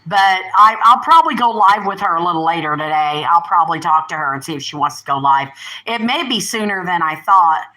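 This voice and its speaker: An older woman with a fairly low voice and a sharp tone talks a little fast on her casual livestream. Chatty and rambling, she frequently stops to talk to her pets and family. The recording sounds rough.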